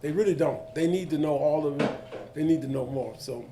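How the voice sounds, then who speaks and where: With a slightly high voice and moderate pace, a man in his seventies tells animated, colloquial stories on a discussion panel, imitating the people in them, over some background noise.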